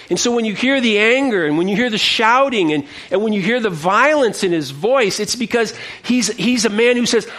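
A male pastor preaching a sermon, passionate and expressive, often repeating words as he goes. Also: sits high, normal speed, hardly any pauses. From United States.

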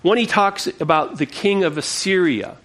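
High-voiced male preacher. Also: normal speed. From United States. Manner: passionate, expressive, repeats words. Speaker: pastor. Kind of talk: sermon.

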